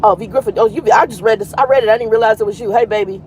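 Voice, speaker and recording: A woman in her fifties who drives trucks chats frankly on a casual live stream from her truck cab at a terminal, greeting viewers by name. Her voice is a little high and darkish in tone, and she talks at a racing pace. The low-quality recording carries a bit of hiss or hum.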